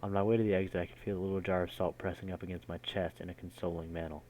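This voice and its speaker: A man's voice: sits low, little pitch movement, very fast, darkish tone, a little hiss or hum. A man streaming a visual novel, reading the narration aloud and breaking off with casual reactions. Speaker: gaming streamer.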